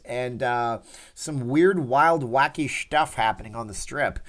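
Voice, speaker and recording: A middle-aged man hosting a casual livestream, chatting and reading viewer comments in a rambling, self-mocking way, swinging between loud and soft. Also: medium pitch, unhurried. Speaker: livestream host. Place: Las Vegas.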